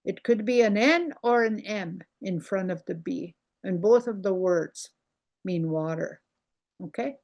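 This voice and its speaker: A woman's voice: medium pitch, animated, a little slow, darkish tone. An older woman teaching a language lesson, patiently repeating words and checking in with "okay?" as she goes.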